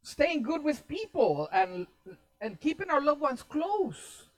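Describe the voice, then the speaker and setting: Animated preacher repeating lines for emphasis. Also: high-pitched, slow pace, rough recording. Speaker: pastor. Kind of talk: sermon.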